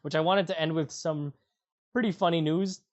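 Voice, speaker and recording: A man's voice: fairly high pitch, steady tone, moderate pace. A young man co-hosting a casual podcast, joking and upbeat, laughing often. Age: young adult. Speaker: podcast co-host. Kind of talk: casual chat. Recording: dull lo-fi podcast audio.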